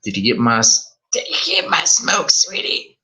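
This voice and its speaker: A man voicing a nagging elderly mother with a scratchy, high, witchy voice during a live horror story reading. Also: very animated, moderate pace, bright, forceful tone.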